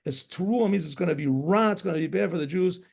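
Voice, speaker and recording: A rabbi spins a story aloud in a loose, conversational way, circling back and imitating the sounds he describes. His voice is gravelly with a mellow, darker tone, pitched a bit above the usual for a man. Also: quick pace. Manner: rambling, conversational, acts out shofar blasts. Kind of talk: spoken storytelling.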